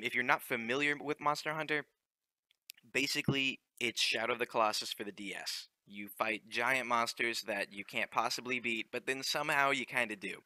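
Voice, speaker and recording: A man's voice: medium pitch, sharp tone, no echo. A young man hosting a let's play, commenting casually on the game with joking asides and frequent ums.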